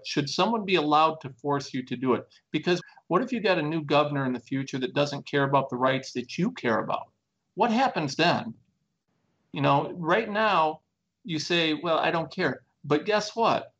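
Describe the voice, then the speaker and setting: A man talks with a gravelly edge, earnest and emphatic, often pushing his pitch up as he presses a point. The sound is dull and lo-fi. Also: fairly bright tone. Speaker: plaintiff in a lawsuit. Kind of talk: conversational interview talk.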